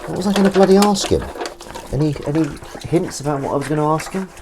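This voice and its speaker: A man's voice: a little high, expressive, fast talker, background noise. A man streaming live while washing up at home, chatting casually and rambling as he reads viewer comments aloud and swears now and then. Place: home kitchen, washing up at the sink.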